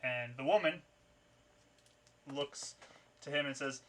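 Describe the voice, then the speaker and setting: A man running a tabletop game as game master, narrating scenes in a loose, chatty way. His voice is very bright and forward. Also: medium pitch, fairly even intonation, normal speed, long pauses. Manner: loose, conversational narration with fillers.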